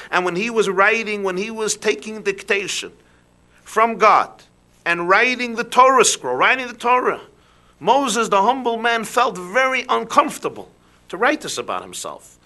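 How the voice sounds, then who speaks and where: A man, a rabbi, giving a sermon with animated rhetorical questions that drop into soft emphasis. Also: high-pitched.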